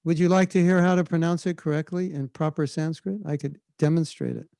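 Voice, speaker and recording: Relaxed male spiritual teacher, conversational storyteller, slightly raised pitch, dry close mic. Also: brisk, gravelly, dry recording. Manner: relaxed, conversational, demonstrates chanting. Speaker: spiritual teacher answering questions. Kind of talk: storytelling Q&A on a video call. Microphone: video call.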